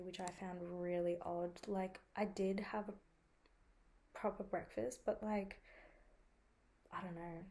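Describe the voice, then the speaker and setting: A woman's voice: fairly low pitch, steady tone, slow pace, long pauses, mellow. A young woman vlogging at home in a casual, chatty way, full of "like" and swearing, with a sore throat from a cold. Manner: chatty, frequent "like" and swearing, dramatizes her own reactions. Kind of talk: casual vlog chat.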